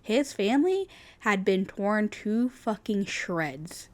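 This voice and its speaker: Young woman podcast co-host, casual storyteller, chatty and profane, mid pitch. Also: lively intonation, slow. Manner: chatty, lots of "like" and swearing for emphasis. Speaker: podcast co-host telling urban legends.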